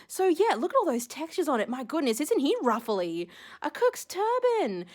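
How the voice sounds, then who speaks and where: A woman's voice: high voice, sing-song, moderate pace. A young woman unboxing seashells on her vlog, gushing and giddy, gasping with delight. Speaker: shell collector unboxing a gift.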